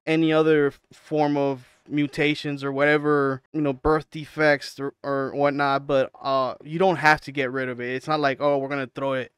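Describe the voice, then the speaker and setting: Smooth-voiced man commenting on clips. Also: a little high, little pitch movement, normal speed, few pauses, a bit bright, no echo, clean studio sound. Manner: teasing, chatty, filler-heavy. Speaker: reaction commentator. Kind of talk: casual clip commentary.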